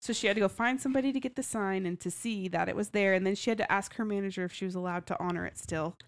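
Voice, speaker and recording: A woman's voice: mid-range voice, rapid-fire. A woman co-hosting a book podcast, chatting casually and telling stories with easy laughs. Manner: chatty, storytelling, laughs often. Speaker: podcast co-host. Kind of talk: casual book-club chat.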